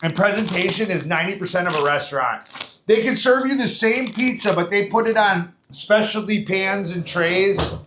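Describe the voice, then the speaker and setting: Give me a chatty man walking through a recipe in his kitchen, fairly high voice, echo off the walls. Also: moderate pace, noisy background. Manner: chatty, folksy, lots of fillers. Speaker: home cooking show host. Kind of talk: casual step-by-step cooking demo. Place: home kitchen.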